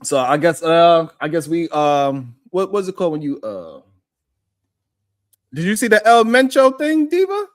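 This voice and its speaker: A man's voice: on the high side, sing-song, a little slow. A man hosting a live stream, chatting loosely with his co-host, swearing and joking. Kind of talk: casual chat.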